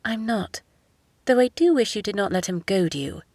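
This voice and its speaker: A woman voicing a runaway young princess who speaks formally and gently. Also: mid-range voice, lively intonation, moderate pace, no room sound, close to an everyday voice. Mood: gentle.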